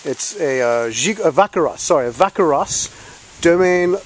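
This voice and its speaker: A man's voice: fairly high pitch, lively intonation, normal speed, echoey room. A man hosting a casual wine tasting, chatty and full of leading questions, recorded on a handheld camcorder. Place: outdoors in snow, then indoors.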